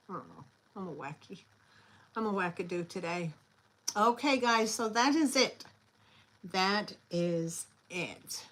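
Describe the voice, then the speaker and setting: Chatty, slow-talking woman selling items live. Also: medium pitch, slight background noise, rough recording. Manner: chatty and scattered, with many fillers. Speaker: live sale host. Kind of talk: casual live selling chat.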